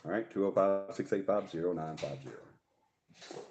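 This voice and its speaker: A man's voice: low-pitched, moderate pace, noisy background. A man hosting a paranormal talk show in casual, rambling live-stream chat, joking and restarting his sentences. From Alabama.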